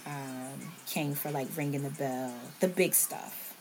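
A woman's voice: very deep voice, steady tone, slow, over music. Woman earnestly retelling a story from home. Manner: earnest, relives scenes by quoting others' words. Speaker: podcast guest. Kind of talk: personal storytelling in conversation. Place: at home, in a bedroom with a TV on.

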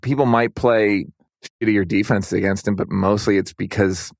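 Low-voiced man, loose rambling chat. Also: fairly even intonation, moderate pace, vocal fry, no echo, studio quality. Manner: loose and rambling, heavy use of "like". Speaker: guest. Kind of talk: casual podcast conversation.

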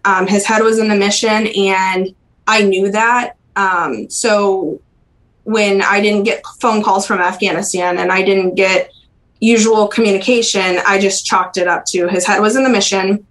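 A young woman speaking as a podcast interview guest, recalling personal memories in a halting, soft-spoken way with frequent pauses and restarts. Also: medium pitch, flat delivery, low-quality recording. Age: young adult.

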